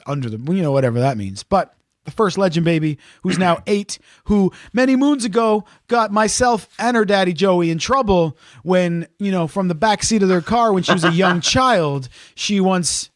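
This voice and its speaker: A man's voice: high-pitched, dry recording, clean studio sound. A man co-hosting a podcast, chatty and playful, leading the talk. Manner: chatty, playful, leads the conversation. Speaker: podcast co-host. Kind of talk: casual podcast chat.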